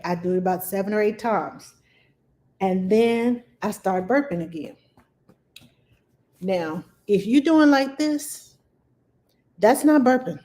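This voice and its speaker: A woman's voice: mid-range voice, slow pace, long pauses, mellow. Chatty nanny woman on a live stream. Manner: chatty, greets viewers by name, explains step by step. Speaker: nanny giving parenting advice.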